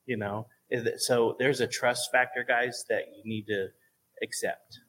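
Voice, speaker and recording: A man's voice: medium pitch, flat delivery, normal speed, a bit bright, low-quality recording. A man leading a faith group, talking directly and coaxingly, often checking in with "okay?". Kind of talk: informal exhortation.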